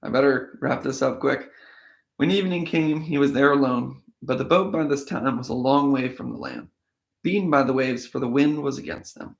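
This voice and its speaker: A man, his voice a little hoarse from a cold, reads scripture aloud and stops to muse on it in a relaxed, conversational way. His voice sits at an ordinary middle pitch, and the echoey room rings around his words. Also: normal speed. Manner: thinks aloud, conversational asides. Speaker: host of a daily Bible reading show. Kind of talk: casual scripture reading with commentary.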